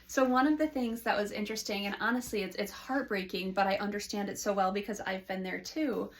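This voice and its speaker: A woman's voice: medium pitch, steady tone, a little fast. A woman who is a licensed counselor, talking casually and frankly to camera from her counseling office.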